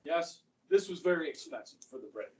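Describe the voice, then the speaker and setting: A man's voice: fairly high pitch, lively intonation, a little fast, darkish tone, a little hiss or hum. A man with an American accent, teaching a history class in a chatty storytelling way, often checking in with "okay?". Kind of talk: classroom lecture. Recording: echoey classroom from far off.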